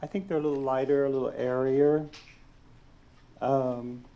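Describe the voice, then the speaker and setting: A man, a poet, reading his poems aloud at a lecture event, pausing with hesitant asides between poems and reading the verse in a slow, measured way. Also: medium pitch, steady tone, mellow, muffled recording, a little hiss or hum. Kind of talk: poetry reading. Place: lecture hall.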